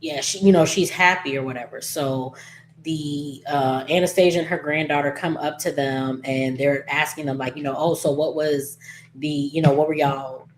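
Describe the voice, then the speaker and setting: Chatty low-voiced woman recapping a soap. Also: fairly even intonation, normal speed, slight background noise. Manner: chatty and gossipy, retelling scenes with quoted lines and laughing. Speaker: soap opera recap host. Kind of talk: casual recap chat.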